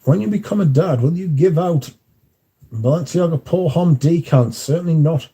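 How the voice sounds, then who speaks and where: A man's voice: a little high, moderate pace, mellow, breathy edge. A man hosting a livestream in casual chat, reading out viewer comments and answering them in a dry, offhand way.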